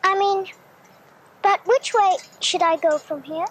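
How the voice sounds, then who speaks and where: An actor in a solo stage performance playing a small, anxious boy who asks in high piping questions where his parents are. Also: fairly even intonation, measured pace, a bit bright, slight background noise.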